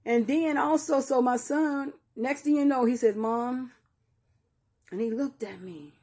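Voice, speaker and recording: With a high-pitched, darkish voice and a measured pace, an older grieving mother tells her viewers a personal story. Calling listeners "y'all," she keeps repeating herself and restarting sentences while painful memories surface.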